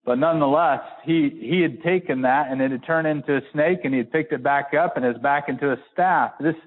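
Over narrow, phone-like audio, a man delivers a sermon with scripture readings, folksy and full of restarts, pushing up to high emphatic peaks and dragging out key words for emphasis.

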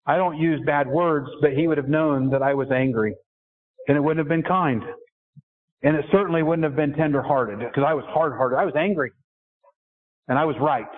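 A middle-aged man preaching a sermon earnestly, asking his listeners questions. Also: high-pitched. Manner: earnest, asks the congregation questions. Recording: tinny phone-like sound.

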